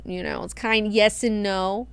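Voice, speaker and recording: Smooth-voiced woman with a crude, slangy recap. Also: medium pitch, steady tone, unhurried, a bit bright, no echo. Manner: crude, slangy, heavy on filler words. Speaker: book club host. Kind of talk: casual book recap.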